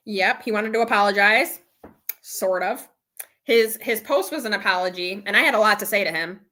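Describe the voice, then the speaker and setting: A woman's voice: medium pitch, normal speed, sharp tone. A middle-aged woman hosting a casual live chat, candidly retelling an argument and quoting both sides of it. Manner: candid storytelling, retelling an argument with quoted dialogue. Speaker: channel host.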